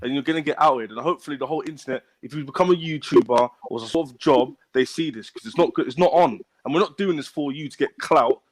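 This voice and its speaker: A man's voice: fairly high pitch, fast, few pauses. Blunt, scolding man. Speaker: panel member.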